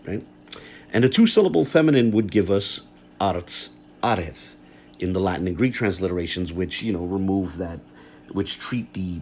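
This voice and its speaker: A man with a low, deep voice talks through a scholarly point in a lecture-style video. He is measured and careful and keeps checking in with "right?" and "you know". A faint background noise sits under the recording. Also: a little mellow. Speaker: scholar explaining texts.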